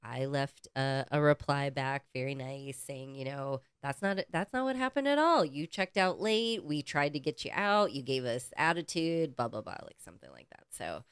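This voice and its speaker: Low, smooth-voiced woman telling a story. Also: moderate pace, few pauses, dry recording, clean studio sound. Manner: animated, profane, acts out quoted people. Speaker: podcast co-host. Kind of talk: casual storytelling chat.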